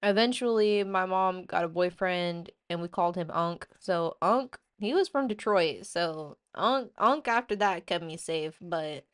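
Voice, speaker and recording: A woman talks straight to her audience in a loose, rambling vlog monologue, full of fillers and restarts. Her voice sits a little low and sounds smooth and clear. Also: unhurried, hardly any pauses. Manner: rambling, filler-heavy, many "like" and "you know". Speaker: vlogger. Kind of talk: casual storytelling monologue.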